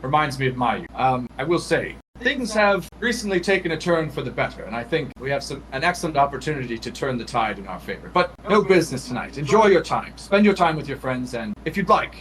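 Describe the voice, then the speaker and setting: A man's voice: mid-range voice, very animated, fairly quick, few pauses, fairly bright tone, poor audio. A man voicing a smug, scheming male noble planewalker who talks in a formal, condescending way. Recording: faint background noise.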